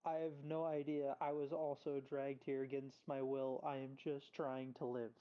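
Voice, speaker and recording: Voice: medium pitch, little pitch movement, normal speed, smooth, highs cut off, close to an everyday voice. A game master voicing a frightened male prison guard who speaks in a shaky, timid way during a tabletop game. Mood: shaky, scared.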